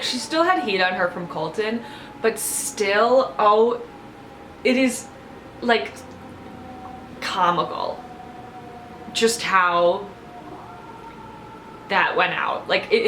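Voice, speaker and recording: Bright-voiced woman gossiping thru a reality show recap, does all the voices, roomy sound w faint hum. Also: medium pitch. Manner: chatty, acts out quotes with big shifts in voice. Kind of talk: casual episode recap.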